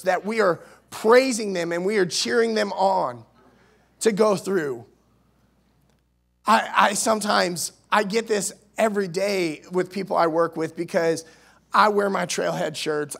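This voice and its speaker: A man from Missouri preaching a sermon as youth minister, earnest, restarting words, swinging between loud and soft. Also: high-pitched, creaky. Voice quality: nasal at times. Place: church.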